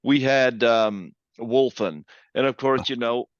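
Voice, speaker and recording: A male podcast host with a low, resonant voice asks his questions haltingly, with many fillers. The recording is dry and a little dull-sounding. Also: dry recording. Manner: hesitant, filler-heavy. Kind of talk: interview.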